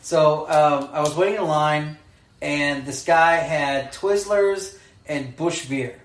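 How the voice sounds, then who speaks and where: A man co-hosting a podcast, telling a story with animated voices and frequent laughs. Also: a little high, slow pace. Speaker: podcast co-host. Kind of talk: casual chat. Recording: echoey room.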